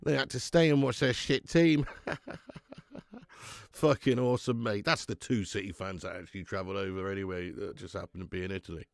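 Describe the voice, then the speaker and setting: A man's voice: fairly low pitch, fairly even intonation, fast, creaky, few pauses, no echo. A man hosting a live football watch-along, sick with flu, talking bluntly and swearing as he banters with viewers. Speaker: football fan channel host.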